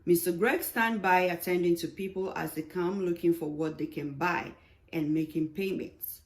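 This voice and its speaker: A woman reading her own play aloud, speaking the stage directions in a slow, deliberate way. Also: fairly low pitch. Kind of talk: read-aloud play narration.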